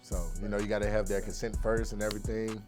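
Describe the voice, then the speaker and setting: A man's voice: lowish voice, little pitch movement, racing, music in the background. A young man and actor chatting casually, laid-back, repeating himself and laughing often. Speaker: actor and co-host. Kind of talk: casual chat.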